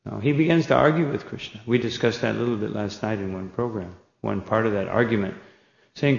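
A man's voice: lowish voice, brisk, vocal fry. A man giving a scripture lecture as a spiritual teacher, retelling the dialogue in character and often tagging his points with "No?". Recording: echoey hall, dull lo-fi sound.

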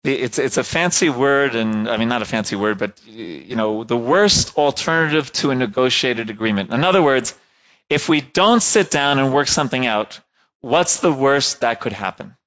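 A man lectures a class in a relaxed, conversational way, with a middling voice. He talks loosely, stops to rephrase, and keeps checking that the room follows him. The recording is dull and lo-fi. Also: medium pitch, normal speed. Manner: conversational, many fillers and "right?" checks.

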